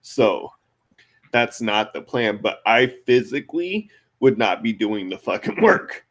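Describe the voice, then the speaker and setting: A man's voice: lowish voice, sing-song, unhurried, a bit bright. A man hosting a casual podcast chat, brash and joking with lots of swearing. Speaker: podcast host.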